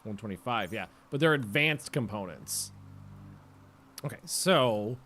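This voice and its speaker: Bright-voiced man chatting over gameplay. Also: fairly low pitch, animated, unhurried, pauses often, soft background music. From United States. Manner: chatty, rambling, self-correcting. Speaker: streamer. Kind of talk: casual gameplay commentary.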